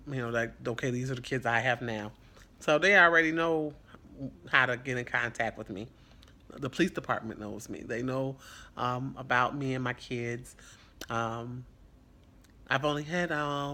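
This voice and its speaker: Bright-voiced earnest man. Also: medium pitch. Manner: earnest and reflective, rambling. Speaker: foster parent. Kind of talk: casual vlog talk.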